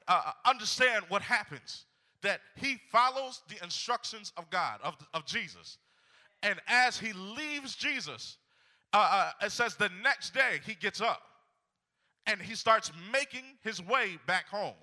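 A young man preaching a sermon, telling a story and then rising into shouted exhortation. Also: high-pitched, expressive, measured pace.

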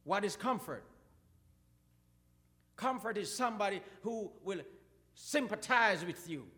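A male preacher delivering a fervent sermon, his high, bright voice swooping widely through each phrase. He takes his time, pressing questions one after another at an unhurried pace. The sound carries the long reverb of a church hall. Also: animated. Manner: impassioned preaching with repeated questions.

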